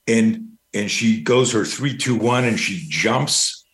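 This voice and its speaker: A man's voice: lowish voice, slow, a bit bright. A middle-aged man, a guest talking about fear management, telling a long personal story in a rambling, casual way with the odd curse. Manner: rambling, anecdotal, casual swearing. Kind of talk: storytelling interview.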